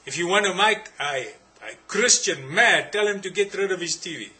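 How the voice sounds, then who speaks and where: Forceful South African preacher, higher voice. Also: male voice, lively intonation, moderate pace. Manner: emphatic, repetitive, rhetorical questions. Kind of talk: sermon.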